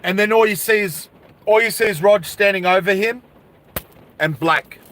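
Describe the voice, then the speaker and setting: A man telling a story in a casual vlog, animated, with asides to his viewers. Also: high-pitched, moderate pace, a little hiss or hum.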